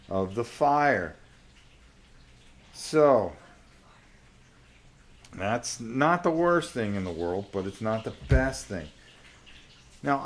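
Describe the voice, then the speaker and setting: A man with a sore voice hosting a live stream, playing a solo board wargame and thinking aloud as he checks the rules. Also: medium pitch. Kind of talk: casual live-stream gameplay commentary.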